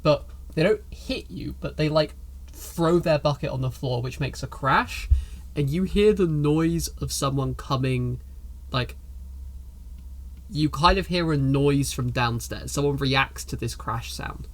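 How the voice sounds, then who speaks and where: Chatty male game master, slightly high. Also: unhurried. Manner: chatty, many fillers and restarts. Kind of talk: narrating a tabletop game.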